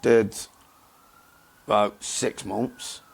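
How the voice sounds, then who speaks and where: A man, talking bluntly and haltingly in a candid interview, often repeating himself. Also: lowish voice, flat delivery, creaky, husky. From England. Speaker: interview guest.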